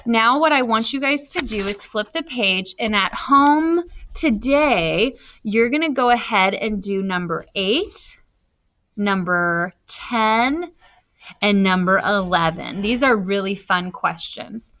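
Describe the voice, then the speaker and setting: A woman teacher talking slowly and deliberately through a recorded reading lesson, spelling out her answers as she writes them. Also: mid-range voice, expressive, pushed and bright. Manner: slow, deliberate, spelling out answers while writing. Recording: slightly dull lo-fi recording.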